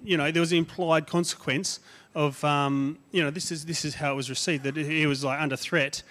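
A man's voice: fairly high pitch, steady tone, a little fast, hardly any pauses, fairly bright tone, long reverb tail. A man preaching a sermon, retelling a story with many restarts and fillers.

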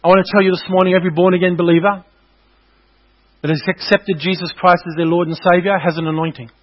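High-voiced man preaching emphatically. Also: little pitch movement, fast talker, dull audio. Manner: emphatic, repetitive exhortation to the congregation. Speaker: pastor. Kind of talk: sermon.

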